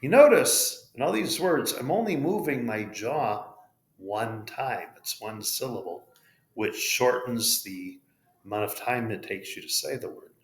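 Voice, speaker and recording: A man of medium pitch leads a pronunciation lesson at a measured, expressive pace, recorded with roomy echo. He speaks with an American accent, spelling letters out and modeling each word patiently.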